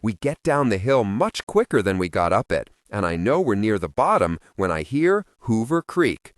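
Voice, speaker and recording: Expressive male audiobook narrator. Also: on the low side, moderate pace, dry recording, studio quality. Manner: expressive, shifting voices for characters. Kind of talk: first-person audiobook narration.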